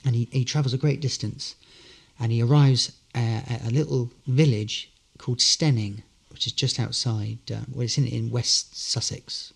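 Male actor, guest; chatty, rambling storyteller, average pitch. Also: steady tone, normal speed, vocal fry, breathy edge. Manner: good-humoured, rambling storyteller. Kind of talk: casual interview anecdotes.

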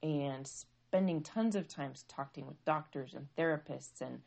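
Brief: woman in her 30s, low-pitched, casual reflective storyteller, parent vlog. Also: unhurried, creaky, a little mellow. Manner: conversational, reflective, many fillers like "like". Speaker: mother of young children. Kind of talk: personal storytelling monologue.

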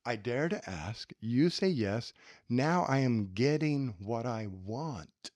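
Speaking slowly in a mid-range voice with no echo, a man co-hosting a self-help podcast explains ideas. He gets animated and acts out little scenes from everyday life.

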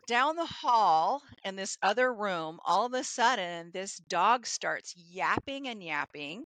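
A woman's voice: medium pitch, expressive, takes it slowly, a bit bright, no room sound, low-quality recording. A woman who works as a hospice nurse, telling end-of-life stories in a casual, matter-of-fact podcast chat.

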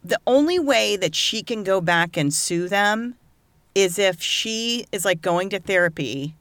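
A woman co-hosting a casual true-crime podcast, telling the story in an animated way, swearing freely and acting out what people said. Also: medium pitch, a little slow, no room sound.

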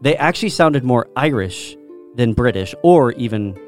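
A man's voice: mid-range voice, expressive, moderate pace, a little mellow, faint music behind. A man hosting a podcast, explaining at length in casual chat and demonstrating pronunciations. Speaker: podcast host.

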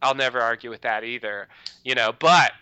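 A man talks casually on a podcast, circling back with constant "you know"s. His voice is very bright and crisp, recorded dry and close with no room sound. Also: mid-range voice, fairly quick, no echo, low-quality recording. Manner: rambling, lots of "you know" fillers. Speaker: podcast co-host. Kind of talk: casual chat.

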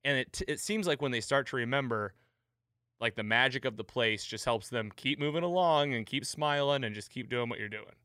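A man's voice: mid-range voice, brisk, clear, resonant tone, dry recording, clean studio sound. A man hosting a casual podcast recap, acting out quoted lines as he talks. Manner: animated, acts out quoted lines. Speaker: podcast host.

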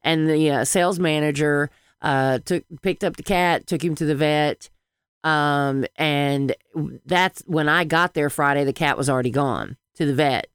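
A woman with a Southern accent co-hosting a podcast, chatting in a rambling, animated way. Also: sits low, a little slow, clean tone, no echo. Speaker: podcast co-host. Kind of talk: casual fan chat.

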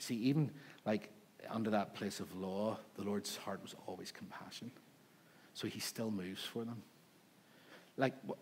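A man's voice: fairly low pitch, husky. A man, preaching a sermon as pastor, talking in an earnest, conversational way with asides to the room. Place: church service in a room.

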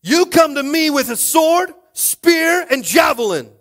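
A man voicing a young shepherd boy who shouts his defiance at a giant. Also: extremely high pitch, sing-song, a little slow, soft background music, pitched above the performer's own voice, heavily acted. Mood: defiant. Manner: shouting, fervent.

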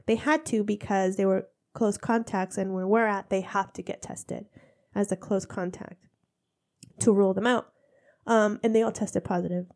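A woman's voice: medium pitch, dark tone. A woman in her thirties, congested, telling stories in a casual chat with frequent laughter. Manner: chatty, laughing storyteller.

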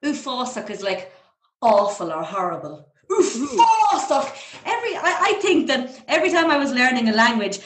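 Lively Irish woman in an echoey room. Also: fairly high pitch, brisk, slight background noise. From Ireland. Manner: animated storyteller, laughs often. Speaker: guest. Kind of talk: casual chat.

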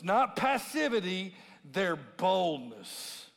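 A man with a high, sing-song voice takes it slowly as he preaches. He's the lead pastor, addressing a congregation in a large church auditorium in a conversational style, often asking "right?" and voicing scripture loudly. Long hall reverb from the big room is audible.

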